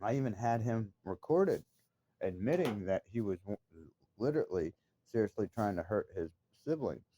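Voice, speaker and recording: A man's voice: on the low side, lively intonation, normal speed, warm tone, dull audio. A man talking straight to his viewers in a casual monologue, telling an upsetting story in an agitated, emphatic way with frequent swearing. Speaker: vlogger.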